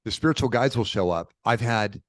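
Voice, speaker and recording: A middle-aged man from Portland, Oregon, telling stories as a podcast guest in a lively, informal way. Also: mid-range voice, a little fast, dry recording. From Portland, Oregon, USA. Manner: animated, informal, peppered with "dude" and "bro". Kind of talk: casual conversational storytelling.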